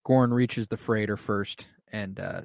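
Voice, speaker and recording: Man, casual podcast chat, excitable, swears a lot, filler-heavy, dry close mic. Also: on the low side, unhurried, gravelly, no room sound. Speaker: podcast co-host recapping an episode.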